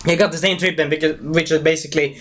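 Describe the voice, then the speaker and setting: A young man giving a casual live movie review, rambling and excitable, with lots of fillers and broken grammar. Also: fairly high pitch, fast.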